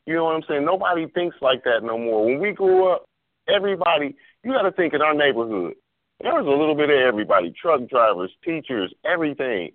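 A man's voice: fairly high pitch, very animated, fast talker, no room sound. A man in casual conversation, talking earnestly about what should be done. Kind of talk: casual podcast chat. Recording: tinny phone-line sound, dry.

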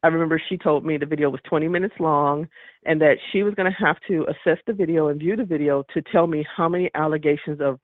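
A caller to a radio show tells his story indignantly and emphatically, acting out the dialogue as he goes. His voice is on the high side and he talks fast, heard over a tinny, dry phone line with no echo.

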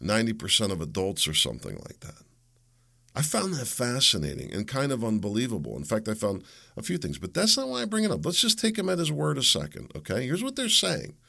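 Gravelly, lively male talk host. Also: medium pitch, quick pace. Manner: rambling, self-interrupting, talks to listeners directly. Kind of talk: casual opinion monologue.

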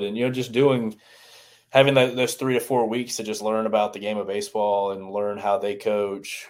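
A man's voice: fairly low pitch, darkish tone. A man from the American South, a former baseball strength coach, talking loosely in a podcast interview with lots of restarts. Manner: rambling, many restarts and "you know"s.

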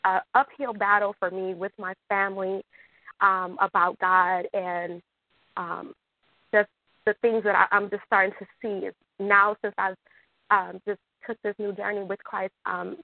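Excited woman caller on a phone line. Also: mid-range voice, measured pace, gravelly, no room sound. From Michigan. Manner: excited, rambling, with many restarts. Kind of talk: emotional call-in chat. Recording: dry tinny phone line.

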